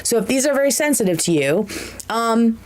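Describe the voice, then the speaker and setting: A woman's voice: on the high side, animated, fairly quick, poor audio. A woman hosting a live-streamed podcast, chatting casually and animatedly, with many fillers and restarts. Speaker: podcast host.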